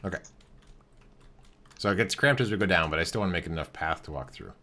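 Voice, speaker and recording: Man, very deep voice, casual game commentary, thinking aloud, halting with fillers. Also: expressive, sharp tone. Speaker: game streamer.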